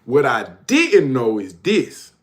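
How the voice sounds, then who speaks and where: A man's voice: mid-range voice, wildly swooping pitch, slow pace. A man hosting his own show, telling stories casually, often laughing and calling the listener bro. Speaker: host. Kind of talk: casual storytelling.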